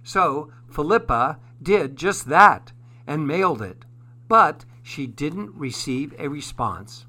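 Slow, bright-voiced male storyteller. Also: a little high, animated. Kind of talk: children's story narration.

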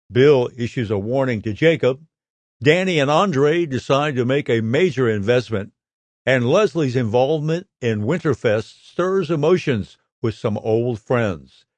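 A man reading entertainment news from a script at a steady pace, giving quoted lines a little lift. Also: mid-range voice, dry recording. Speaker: soap news reader.

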